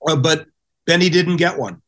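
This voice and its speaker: This former hockey goaltender, now middle-aged, speaks at normal speed in a slightly high voice. Appearing as a podcast guest, he tells casual stories with animation and acts out whoever he's quoting.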